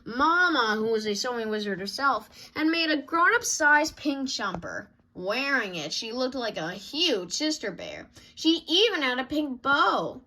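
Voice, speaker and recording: A woman reading a children's picture book aloud in an expressive way. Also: high voice, measured pace, hardly any pauses. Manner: expressive, sound-effect dings between pages. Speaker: storybook reader.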